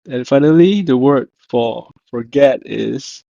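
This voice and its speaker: A man teaching vocabulary in a slow, measured way, saying each word and then repeating it. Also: mid-range voice, vocal fry, mellow, no room sound, lo-fi sound. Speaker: language teacher.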